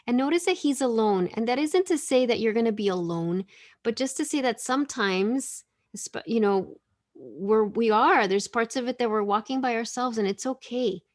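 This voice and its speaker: A woman's voice: a little high, moderate pace. A woman hosting an online spiritual gathering, reading oracle cards to the group in a casual, gushing, enthusiastic way over a video call.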